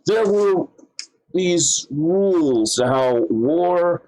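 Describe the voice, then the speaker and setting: A man's voice: on the high side, expressive, drawn-out words, dark tone, low-quality recording. Guy rambling at the camera, lots of ums and restarts, voice jumps around a lot. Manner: rambling, many fillers and restarts. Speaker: vlogger. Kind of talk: casual monologue.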